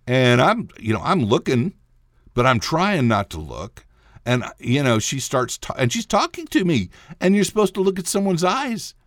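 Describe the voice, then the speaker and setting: A man's voice: medium pitch, very animated, moderate pace, dry recording, studio quality. A man hosting his own solo podcast, telling a story casually in a rambling, self-interrupting way with frequent laughs. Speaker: podcast host.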